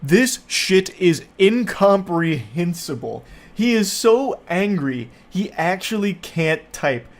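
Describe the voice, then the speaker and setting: A man's voice: sits high, very animated, takes it slowly. Dry sarcastic male commentator. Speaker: online commentator. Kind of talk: comedic reaction reading.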